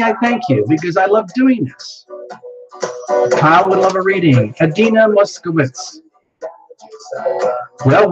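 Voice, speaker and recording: A fairly high-voiced man chats playfully with his viewers and laughs often as he hosts a live tarot stream. The sound is dull and lo-fi, with music playing clearly behind him. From United States. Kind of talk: casual live-stream chat greeting viewers.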